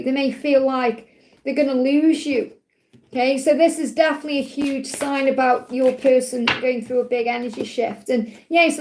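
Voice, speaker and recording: A woman's voice: sits high, darkish tone. A woman hosting a live spiritual Q&A, talking casually and reassuringly to her chat and often checking in with "okay?". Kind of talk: casual livestream reading.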